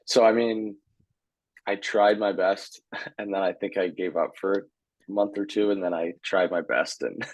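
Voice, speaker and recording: A man's voice: low-pitched, unhurried, dry recording, poor audio. A young man in his twenties, a guest on a podcast, speaking casually and a little hesitantly. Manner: relaxed, hesitant with fillers, chuckling. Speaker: guest, hockey player. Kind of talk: casual interview chat.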